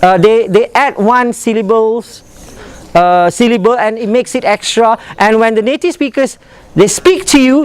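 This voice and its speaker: A man's voice: high-pitched, clean tone. A man leading a pronunciation workshop, demonstrating and repeating words for the class to drill. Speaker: workshop instructor.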